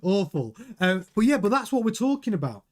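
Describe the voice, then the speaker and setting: A man's voice: sits high, sing-song, brisk. A man hosting a daily motorsport news show, chatting frankly and giving his opinions while greeting viewers in the live chat. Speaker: news channel host.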